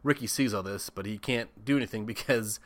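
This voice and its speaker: A man's voice: lowish voice, a little fast, no echo. A man casually recapping a horror film, swearing often, chuckling and tossing in comic asides. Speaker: podcast host.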